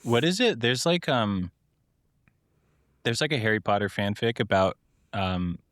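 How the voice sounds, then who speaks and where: A young man with a fairly low voice chats as a podcast co-host, recorded dry and close. He laughs often and slips into exaggerated voices for quotes. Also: sing-song, a little slow, a bit bright, no room sound. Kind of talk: casual podcast chat.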